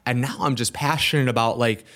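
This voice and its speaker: A man's voice: mid-range voice, brisk. A man, an entrepreneur, telling a story in an interview and acting out the dialogue of the people in it. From Minnesota. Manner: lively storyteller who acts out quoted dialogue. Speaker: guest entrepreneur.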